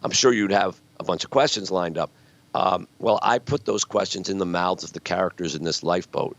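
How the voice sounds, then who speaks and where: A man's voice: low-pitched, brisk, fairly bright tone. A man in his sixties, a guest author telling stories earnestly and reflectively in a conversational interview. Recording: dull lo-fi sound.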